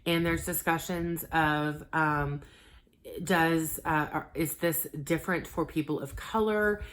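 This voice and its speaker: A woman in her thirties chatting casually about the books she read, full of ums and likes, getting animated when she quotes conversations. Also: sits low, takes it slowly. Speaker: book vlogger. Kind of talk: casual book review chat.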